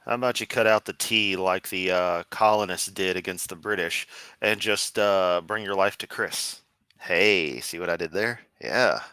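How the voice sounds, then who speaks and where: A man giving sarcastic, profane reaction commentary on a video he is watching, with deadpan asides. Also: low-pitched, normal speed, clean tone, no room sound.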